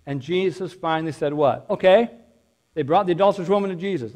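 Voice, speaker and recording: A man's voice: fairly high pitch, normal speed. A male pastor preaching a sermon in a conversational, emphatic way, throwing out rhetorical questions.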